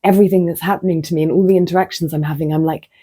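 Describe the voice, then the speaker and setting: A woman vlogging in a low, husky, mellow voice. She tells her own story candidly and laughs at herself. Her voice slips into soft near-whispers now and then. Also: fairly even intonation, racing. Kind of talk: casual reflective monologue.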